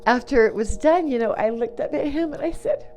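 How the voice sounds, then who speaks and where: A middle-aged woman telling a personal story in a halting way, with many "you know"s, restarts and small laughs. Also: high voice, lively intonation, mellow, soft background music.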